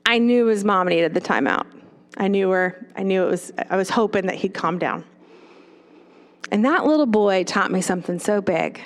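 A former children's pastor speaks to parents in a storytelling talk, her mid-range voice moving at a normal pace. She keeps checking in with listeners by asking "right?"

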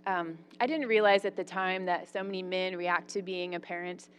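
Woman in her own voice, telling an audience a candid personal story, warm-up fillers and self-mockery. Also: lowish voice, fairly even intonation, moderate pace, clean tone. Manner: candid, self-deprecating, lots of "um" and "like". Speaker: storyteller speaking to a live audience.

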